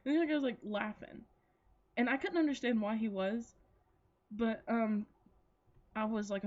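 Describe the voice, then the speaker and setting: A woman's voice: fairly high pitch, normal speed, darkish tone, lo-fi sound. A woman rambling through a story in casual chat, giggling and swearing freely, full of likes and restarts. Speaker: anime reviewer. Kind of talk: casual chatty plot retelling.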